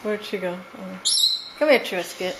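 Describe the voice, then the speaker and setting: A woman filming her pet parrots at home, coaxing them in a high, sing-song pet voice and laughing often. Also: moderate pace. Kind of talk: home video chat with pet birds. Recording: home camera with loud background noise.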